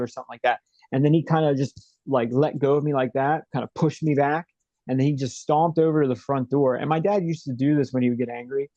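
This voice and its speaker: A man's voice: mid-range voice, steady tone, fast talker, warm tone, no room sound, lo-fi sound. A middle-aged man, an interview guest, telling a personal story in a rambling way with lots of fillers and restarts. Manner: rambling, repeats himself, many fillers. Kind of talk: casual storytelling.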